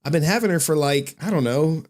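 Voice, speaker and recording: A man hosting a live stream, chatting casually in an animated, rambling way and laughing often. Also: a little high, brisk. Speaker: streamer, host.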